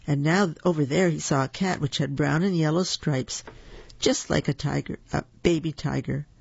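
Gravelly children's storybook reader. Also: medium pitch, no room sound. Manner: slow, gentle and expressive. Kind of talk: children's storybook read-aloud. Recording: dull lo-fi recording.

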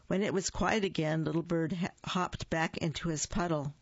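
A storyteller reading a picture book aloud, expressive and acting out the sound words. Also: medium pitch, normal speed, no room sound. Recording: dull lo-fi dry recording.

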